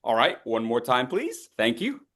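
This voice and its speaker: A man's voice: medium pitch, huge pitch swings, moderate pace, a bit bright. A man coaching speakers in an online voice workshop, upbeat and leading repeat-after-me drills. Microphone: video call.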